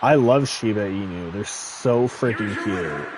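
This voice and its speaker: A man streaming a game, telling stories in a casual, animated way with lots of swearing. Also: lowish voice, unhurried, noisy background. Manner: animated storytelling, frequent swearing. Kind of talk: casual chat while gaming.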